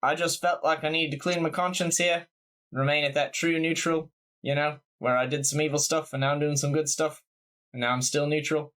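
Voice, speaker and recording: A man's voice: a little high, flat delivery, brisk, a bit bright. A man running a tabletop game as game master, talking casually with fillers. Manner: casual, rambling, many fillers.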